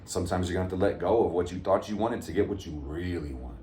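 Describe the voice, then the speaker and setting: Super deep voiced guy doing a hype tarot reading, calls everyone fam, roomy echo. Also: fast talker, warm tone, a little hiss or hum. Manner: upbeat, motivational, addresses viewers as fam and gang. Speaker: tarot reader. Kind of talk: casual tarot reading to viewers.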